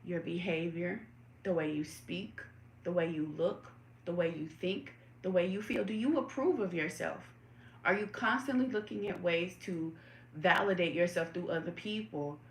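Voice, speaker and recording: A woman's voice: on the low side, normal speed, a little hiss or hum. A woman hosting a live tarot stream, asking her viewers reflective questions and greeting them by name. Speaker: tarot reader hosting a livestream. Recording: roomy echo.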